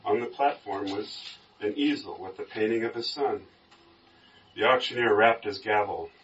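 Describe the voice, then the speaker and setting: A man in a Bible study group reading a story aloud in a steady storytelling voice, recorded from a distance with a dull sound. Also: fairly low pitch, normal speed.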